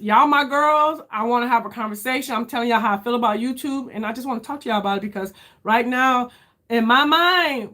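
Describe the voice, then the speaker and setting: A woman in her fifties, a beauty creator, talking candidly and searchingly straight to her viewers in a casual chat, often calling them "y'all" and rising in pitch for emphasis. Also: bright, forceful tone. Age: 50s.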